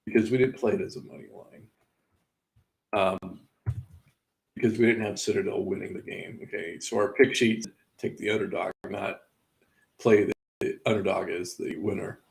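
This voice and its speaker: A man's voice: fairly low pitch, creaky, darkish tone, poor audio. A man hosting a live sports betting show, casually running through game results with wry asides and laughing at his own missed picks.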